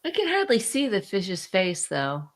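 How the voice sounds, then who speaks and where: A middle-aged woman in casual chat with her daughter, calmly reasoning through her point. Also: medium pitch, unhurried. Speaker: podcast co-host, the host's mother.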